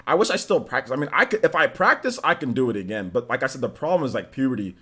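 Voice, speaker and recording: A man's voice: medium pitch, slightly rough. A man in his thirties hosting a gaming show, chatting casually and animatedly and laughing often. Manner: animated, laughs often, drawn-out filler words. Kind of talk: casual streamed chat.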